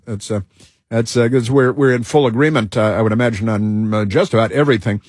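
Husky guy doing a rambly talk show monologue, lots of uhs and restarts, dry close sound. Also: mid-range voice, expressive, dry recording. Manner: halting, with many fillers and restarts.

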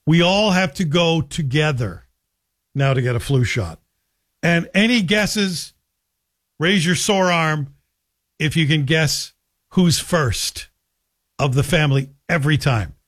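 A man's voice: on the high side, slow pace, long pauses, a bit bright. A middle-aged man hosting a talk radio show in a chatty, joking monologue. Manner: chatty, joking, self-deprecating. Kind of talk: casual monologue.

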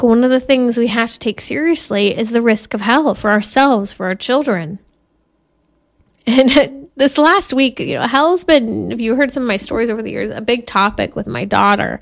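A woman in her thirties speaks as a Catholic mother sharing reflections on faith and family. Her voice sits a little high, and she talks earnestly, slowing for emphasis and laughing softly through her stories. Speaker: Catholic podcast host and mother.

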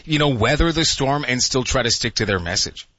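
A man's voice: mid-range voice, animated, bright, forceful tone, dull audio, a little hiss or hum. A man hosting a radio interview, asking questions with frequent restarts. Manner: quick, hesitant questions with restarts. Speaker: radio host.

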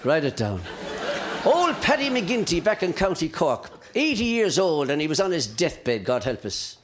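A man's voice: high voice, very animated, moderate pace, background noise. A man telling stand-up jokes, chuckling at his own lines and chatting to the audience. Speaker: comedian.

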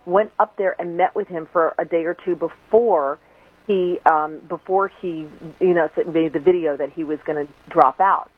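A woman's voice: on the low side, moderate pace, no room sound. A woman guest on a radio show, giving her opinions in casual political chat, talking in long run-on stretches. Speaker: radio host guest commentator. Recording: tinny phone line.

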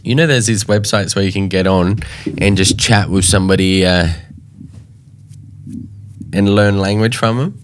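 A man's voice: low-pitched, moderate pace, pauses often, background noise. A man co-hosting a radio show, chatting casually and teasing his partner. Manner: joking, teasing banter. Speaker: radio co-host.

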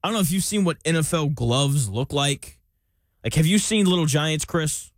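A man hosting a sports talk show breaks down a football roster in a loose, chatty way, throwing in joking comparisons. His voice sits a little high for a man. The sound is dry and close to the mic, with no room around it. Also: lively intonation, moderate pace, dry recording. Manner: chatty, jokey analogies, reads listener questions. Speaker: sports podcast host.

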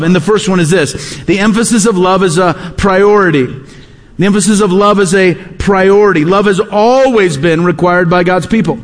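A man preaching a sermon as pastor in a church, emphatic, repeating his key phrases. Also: high voice. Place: church sanctuary.

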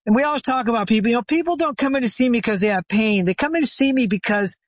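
A man's voice: extremely high pitch, fast talker, no echo. Guest expert, retired chiropractor, man, vivid storyteller; dry, muffled sound. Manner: animated anecdote teller, acts out quoted phone calls. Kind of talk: storytelling interview. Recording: dry, slightly dull sound.

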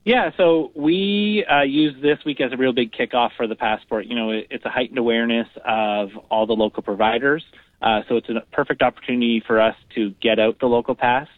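A man's voice: medium pitch, fairly even intonation, brisk, dry recording. A man, a guest on a radio interview, explaining things in an upbeat way with many fillers. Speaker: guest from a regional tourism program. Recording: phone line.

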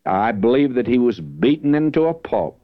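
A man's voice: mid-range voice, very animated, moderate pace, no echo. A man preaching a verse-by-verse Bible teaching sermon, earnest and emphatic, lifting his voice when he reads scripture. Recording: dull lo-fi dry recording.

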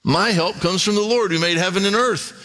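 A male preacher with a fairly high voice delivers a sermon and reads scripture aloud. He is emphatic, sinking to hushed tones and then climbing into excited, rising questions. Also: brisk. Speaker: pastor.

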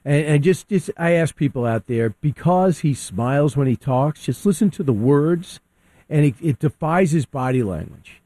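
A man arguing his views as a guest on a radio talk show, heated and fast-thinking, often restarting and repeating words. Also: a little high, expressive, mellow, dry recording. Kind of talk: opinionated talk radio discussion.

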